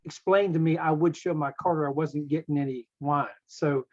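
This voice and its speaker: A man's voice: a little high, steady tone, normal speed, highs cut off. A man in his seventies from West Virginia, telling rambling stories in casual meeting chat. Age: 70s. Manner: rambling, chatty storyteller. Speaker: club member.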